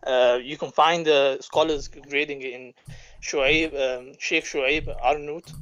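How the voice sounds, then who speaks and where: A man calling in to a debate, calm and methodical, citing scholars with frequent hesitations. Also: a little high, slow pace, clean tone, muffled recording. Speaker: caller. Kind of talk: measured debate with scholarly citations.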